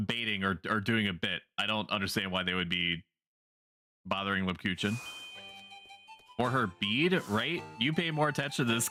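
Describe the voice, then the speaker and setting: A man's voice: fairly low pitch, pushed and bright. A man livestreaming a game, chatting casually with his viewers, joking and swearing freely. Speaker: streamer.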